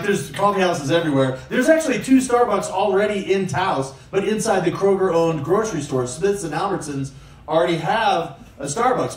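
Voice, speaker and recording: A man doing a profane, sarcastic stand-up set, ranting on stage before a live audience. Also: high voice. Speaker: stand-up comedian. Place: comedy club stage with audience. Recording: live room echo, distant mic, crowd. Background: audience laughter.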